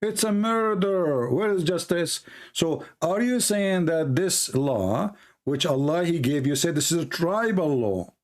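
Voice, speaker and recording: A man with an Arabic accent hosting a heated online debate, hoarse and coughing, pressing the same questions again and again. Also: fairly high pitch, lively intonation, a little slow, darkish tone. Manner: insistent, repeats questions. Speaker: debate host.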